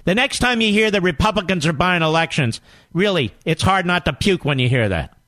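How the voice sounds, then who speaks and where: A man's voice: sits high, expressive, fairly quick, a bit bright, no room sound. A man hosting a political talk radio show, delivering a combative monologue full of emphatic rhetorical questions. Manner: emphatic, rallying.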